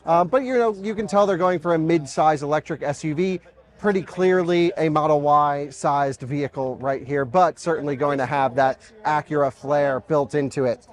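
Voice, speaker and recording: A man's voice: on the high side, moderate pace. A man hosting a car review, presenting a concept car in a casual, enthusiastic walkaround at an outdoor car show. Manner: enthusiastic, talks with fillers and asides. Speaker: automotive reviewer and host.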